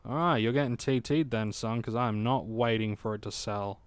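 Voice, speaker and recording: Smooth-voiced man muttering through a game stream. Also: mid-range voice, steady tone, normal speed, dry recording. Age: late 20s. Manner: chatty, swearing, muttering to himself. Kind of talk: casual gaming livestream commentary.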